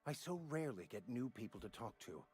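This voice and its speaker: Brief: a chatty, husky game vicar, theatrical and lively. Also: male voice, medium pitch, fairly quick, faint music behind. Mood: genial. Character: genial, talkative male frontier vicar. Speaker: village vicar. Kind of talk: video game dialogue.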